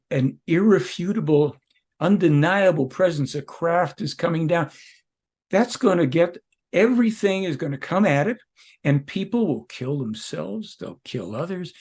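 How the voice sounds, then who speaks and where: Husky-voiced man, rambling and emphatic. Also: on the high side, a little mellow. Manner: rambling, emphatic, jumps between points. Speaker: guest. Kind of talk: casual interview talk.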